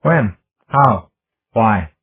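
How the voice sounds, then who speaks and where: A man voicing a slow, wondering computer intelligence. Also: on the low side, lively intonation, slightly rough, pitched above the performer's own voice, full character voice. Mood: musing. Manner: slow, wondering, childlike questions. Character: young curious male computer intelligence. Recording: tinny lo-fi audiobook recording.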